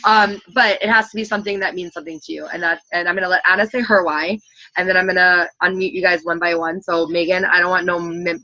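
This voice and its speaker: A woman's voice: fairly low pitch, pushed and bright, highs cut off. A woman in her thirties leading a team call, gushing and rambling with lots of "like". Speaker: team leader hosting a group call. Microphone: computer call audio.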